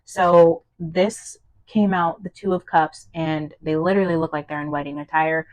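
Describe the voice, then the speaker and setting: A young woman talking casually through a tarot and psychic reading, chatty, excitable and unsure of herself. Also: low-pitched, normal speed, dry recording, rough recording. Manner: chatty, self-doubting, excitable. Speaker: tarot reader and medium. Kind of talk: casual channeled-message reading.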